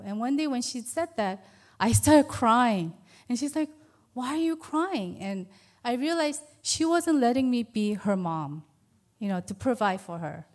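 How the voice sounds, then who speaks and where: Her voice is a little high and somewhat mellow. She is a woman in her fifties sharing her church testimony as an adoptive mother, speaking earnestly and conversationally with many fillers.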